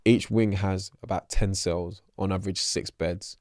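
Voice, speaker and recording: A young man with a London accent, his voice sitting fairly low. He tells his story with animated energy, swearing freely and putting on the voices of others. The recording is dry and close. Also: a little slow, no echo. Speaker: interview guest. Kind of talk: casual storytelling.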